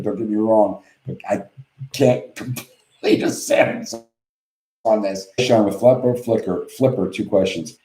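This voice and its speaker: A man's voice: low voice, warm tone, roomy sound, low-quality recording. A man hosting a live webinar from home, reading viewer questions aloud and answering them bluntly and offhand. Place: home office.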